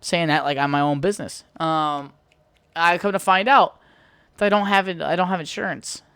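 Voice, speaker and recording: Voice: medium pitch, steady tone, normal speed, fairly bright tone, smooth, no room sound. Profane, heated solo podcast rant. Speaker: podcast host.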